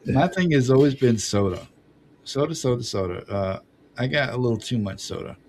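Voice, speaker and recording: A man's voice: medium pitch, animated, normal speed, a little mellow, a little hiss or hum. A man telling rambling family stories on a podcast, laughing often at himself. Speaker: podcast guest. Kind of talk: casual storytelling.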